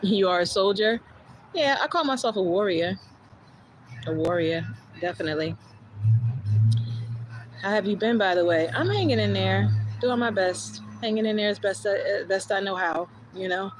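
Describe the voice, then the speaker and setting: A woman's voice: mid-range voice, expressive, normal speed, pauses often, noisy background. A woman with a New Jersey accent chatting casually on a livestream, blunt and candid, swearing freely and answering viewer comments. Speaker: livestream host.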